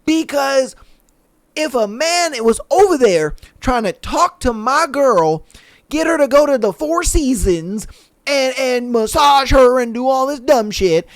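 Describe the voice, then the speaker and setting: Guy podcasting, high smooth voice, cussing and riffing on a reality show, dead dry mic. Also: measured pace, no echo. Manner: animated, profane, slangy, mimics people he talks about. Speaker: podcast host. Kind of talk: casual recap commentary.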